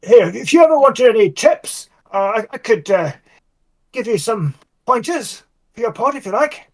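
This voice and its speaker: A woman's voice: a little high, very animated, normal speed, voice pushed up. A woman voicing a four-armed male alien mechanic who speaks in a conciliatory, eager tone in a tabletop game. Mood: placating. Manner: placatory, conciliatory.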